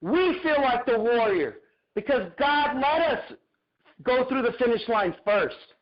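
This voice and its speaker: A man's voice: very high-pitched, lively intonation, a little slow, lo-fi sound. A man giving a fervent, preacher-like motivational talk on a group video call, repeating his phrases. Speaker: motivational speaker.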